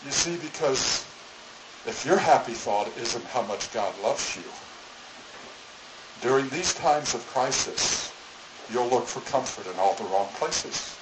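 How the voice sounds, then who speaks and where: A man's voice: mid-range voice, expressive, unhurried. A man preaching a sermon, telling a family story and acting out the voices of the people in it. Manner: storytelling, acts out voices in quotes. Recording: echoey room with background noise.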